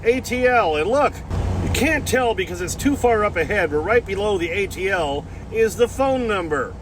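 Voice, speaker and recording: A man's voice: high voice, expressive, normal speed. A man, a truck driver, narrating his dash cam footage in a casual vlog, bluntly exasperated with other drivers. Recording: clear road noise behind.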